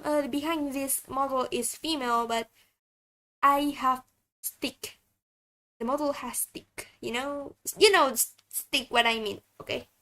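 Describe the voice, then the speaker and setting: High, slow-talking woman. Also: fairly bright tone. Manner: halting, chatty. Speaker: streamer. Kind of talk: casual stream self-introduction.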